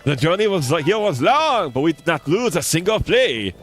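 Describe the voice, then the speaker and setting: A man plays a grand male caravan leader from a video game, courtly and theatrical in his phrasing. His pitch climbs and falls with flourish. Faint music plays behind him. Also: big pitch swings, moderate pace, fairly bright tone. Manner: formal, theatrical diction.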